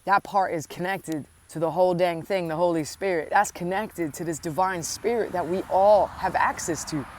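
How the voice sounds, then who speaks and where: A woman with a fairly low voice speaks straight to her listener in an inspirational spiritual talk. She is earnest and tender, calling the listener endearing names. She drives points home by repeating her phrases. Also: moderate pace, hardly any pauses, slight background noise. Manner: earnest, affectionate, addresses listener directly. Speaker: spiritual coach.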